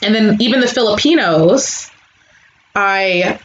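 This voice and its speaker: A woman's voice: mid-range voice, slow pace. A chatty young woman hosts a live stream, talking to her viewers in a casual way. The recording is a little dull and roomy, with a faint hiss behind her. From California, USA. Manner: chatty, animated, reads out viewer comments. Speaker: YouTuber hosting a live stream.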